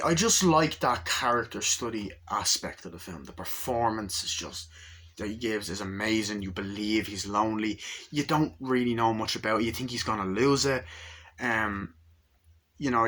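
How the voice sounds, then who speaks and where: Young male reviewer, low bright voice, rambles and mimics film lines. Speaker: movie reviewer. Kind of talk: casual movie review.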